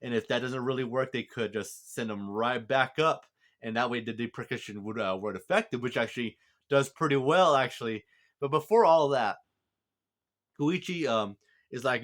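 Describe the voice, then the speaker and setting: Rambling, excitable man reviewing a film. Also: mid-range voice, normal speed. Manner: rambling, excitable retelling with restarts and chuckles. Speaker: movie reviewer. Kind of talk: casual spoken film review.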